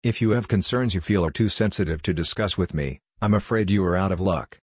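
A dismissive young male assistant talks down to everyone in clipped, smug sentences, as a male reader puts him on. The voice sits low and husky. It is recorded close and dry. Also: brisk, no room sound. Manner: curt and condescending.

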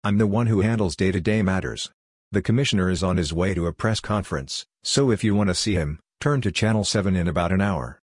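A man's voice: low voice, quick pace, slightly rough, no room sound, clean studio sound. A man reading a smug, curt assistant. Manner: curt and condescending. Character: smug, dismissive young male assistant.

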